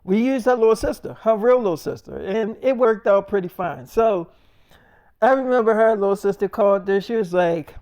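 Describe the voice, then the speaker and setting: A man's voice: high voice, moderate pace, darkish tone, clean tone. A man telling a rambling, casual story, acting out what others said in quotes, with many restarts and fillers. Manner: acts out other people's lines in quotes.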